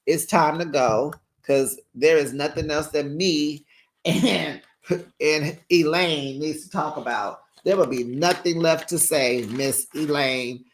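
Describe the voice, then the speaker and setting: Speaking slowly in a low voice, a woman hosts a casual recap show about reality TV. She keeps things sassy and talkative, breaking into laughter often and acting out quotes.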